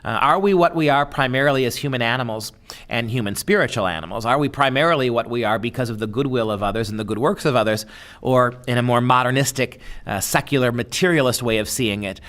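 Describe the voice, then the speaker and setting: A male lecturer giving a discursive lecture, often asking "right?" and pausing with "uh". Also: medium pitch, a bit bright. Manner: discursive, with frequent rhetorical "right?" and filler "uh".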